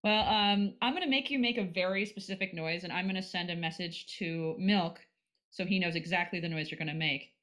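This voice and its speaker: A woman's voice: on the low side, brisk, fairly bright tone. An American woman co-hosting a casual podcast, playful and teasing as she talks. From United States. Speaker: podcast co-host. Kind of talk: casual chat.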